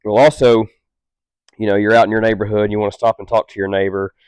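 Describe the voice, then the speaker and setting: A calm, patient man training a dog, with a fairly low voice. His explanations stay steady and unhurried, broken up by short, stern commands. The sound is dry and close. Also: clear, resonant tone, no room sound. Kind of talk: instructional demonstration.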